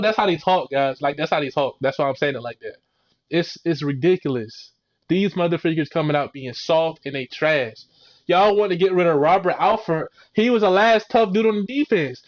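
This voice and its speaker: Young male fan ranting a game recap: fairly high voice, heated, rambling, profane. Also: moderate pace. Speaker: sports fan video creator.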